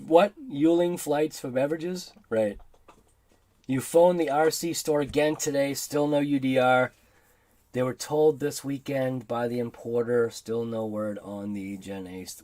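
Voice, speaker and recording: A man with a Boston accent hosting a casual livestream, rambling and laughing as he reads chat aloud. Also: fairly high pitch. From Boston area, United States. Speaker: livestream host.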